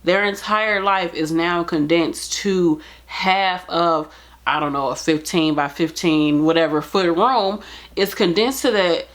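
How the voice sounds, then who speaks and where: A nurse talking straight to camera, earnest and pleading in plain casual speech. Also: female voice, lowish voice, a little slow. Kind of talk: heartfelt direct-to-camera talk.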